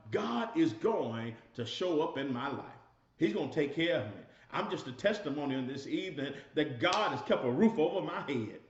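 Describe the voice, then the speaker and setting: A man teaching a Bible study as a sermon, preaching emphatically, repeating his phrases and calling listeners y'all. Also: a little high. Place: church room. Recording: echoey, dull lo-fi church recording.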